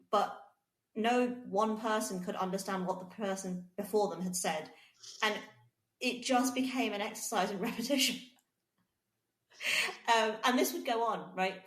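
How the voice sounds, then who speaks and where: A woman chatting on a podcast in a lively way, prompting her partner and telling anecdotes. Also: mid-range voice. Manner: lively, prompting, laughs often. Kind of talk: casual podcast conversation. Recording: roomy echo.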